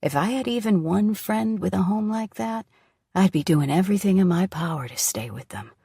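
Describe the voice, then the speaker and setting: Hushed, husky woman narrating an audiobook. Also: mid-range voice, expressive, normal speed, dry recording, clean studio sound. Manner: hushed, often whispery delivery. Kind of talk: first-person audiobook narration.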